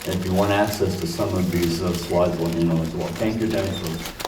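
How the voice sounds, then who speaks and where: A man giving a conversational conference lecture, full of fillers and slowing to stress points. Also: low voice, fairly even intonation. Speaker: conference speaker. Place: conference hall. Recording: roomy hall, distant mic, faint noise.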